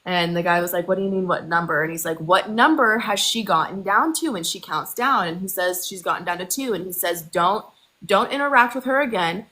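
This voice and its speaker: A woman's voice: lowish voice, fairly quick, hardly any pauses, pushed and bright, rough recording. A woman guest on a casual live chat, retelling a story she read, with hesitant restarts.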